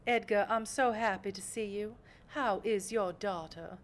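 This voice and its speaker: A woman voicing a poised vampire patroness in a put-on Southern US accent, speaking in a measured, instructive way. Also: medium pitch, natural voice. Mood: warm welcome.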